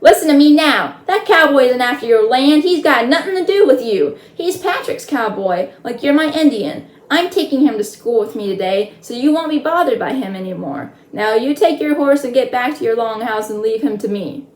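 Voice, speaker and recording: An earnest young boy speaks up high and urgently, firm with a tiny companion, as a woman puts him on. The voice is lifted above her own and carries a roomy echo. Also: expressive, normal speed, few pauses, lightly acted. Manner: raised, urgent pleading.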